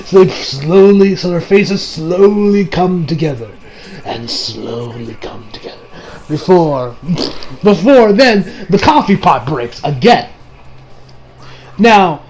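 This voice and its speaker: A man's voice: high-pitched, darkish tone, low-quality recording. A man talking casually as he reviews an anime episode, rambling with lots of restarts and the odd swear.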